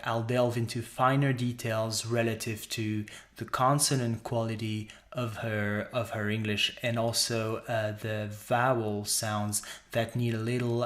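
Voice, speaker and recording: A man working as an accent coach, explaining pronunciation points in a measured, methodical way with frequent short pauses. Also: fairly low pitch.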